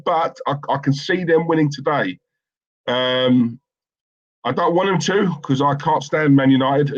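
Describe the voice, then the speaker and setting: A man, chatting casually on a football fan live stream and reading out viewers' comments with slangy banter. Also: mid-range voice. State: has a headache. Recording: dull lo-fi stream audio.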